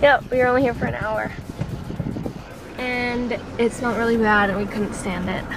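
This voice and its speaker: A woman's voice: on the high side, fairly even intonation, moderate pace, music in the background, low-quality recording. A young woman chatting casually on a road-trip vlog in a car, giggly and full of fillers. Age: young adult. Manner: giggly, chatty, lots of likes. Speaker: vlogger. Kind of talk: casual travel vlog chat.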